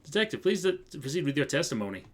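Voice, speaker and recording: A man's voice: fairly high pitch, big pitch swings, fast talker, slight background noise. A man voicing a stern older male judge in a game, putting on a wobbly Canadian accent and ending his lines with "eh". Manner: gruff, blustering, tacks "eh" onto his lines. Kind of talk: reading a game aloud on a live stream.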